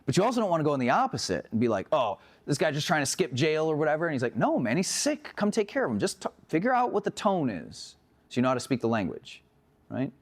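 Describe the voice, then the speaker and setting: A man teaching a class on emergency medical care, telling animated stories from the job and acting out the dialogue, laughing often. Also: fairly high pitch, fast. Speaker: EMS instructor. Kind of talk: casual classroom lecture with stories.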